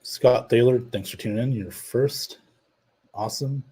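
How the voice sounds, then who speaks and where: A man's voice: medium pitch, a little slow, warm tone, slightly rough, rough recording. A man hosting a live show, chatting casually about his team and reading out viewer comments. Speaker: podcast host. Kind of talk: casual live-stream chat.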